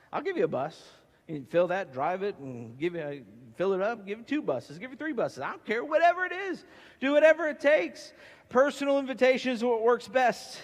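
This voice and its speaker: A man preaching a sermon as pastor, emphatic and animated with playful asides, in a church sanctuary. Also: sits high, normal speed. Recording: long hall reverb.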